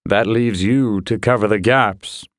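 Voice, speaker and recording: Garros, a man playing a booming warrior. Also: unhurried, dry recording, studio quality, lightly acted. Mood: booming, gruff. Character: booming burly male warrior, doubtful but loyal.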